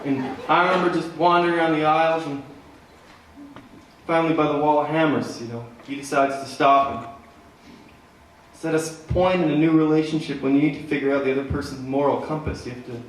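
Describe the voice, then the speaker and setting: A man from Manitoba telling a story between songs at a live concert, with laid-back, deadpan humor. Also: fairly high pitch, brisk, a little hiss or hum. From Manitoba, Canada. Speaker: singer-songwriter. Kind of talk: stage banter storytelling at a concert. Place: theater stage, live. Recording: echoey theater from far off with faint guitar.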